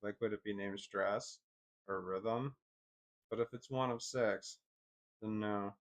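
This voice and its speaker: A man casually thinking aloud, reading definitions off a screen in a halting, self-deprecating way. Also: fairly low pitch, fairly even intonation. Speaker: vlogger.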